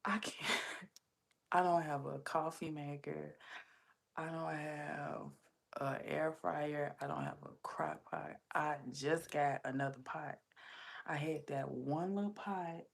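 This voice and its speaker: Lady livestreaming, low gravelly voice, just chatting with her viewers. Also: steady tone, slow pace. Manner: chatty storytelling, talks straight to viewers. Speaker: livestream host. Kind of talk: casual livestream chat.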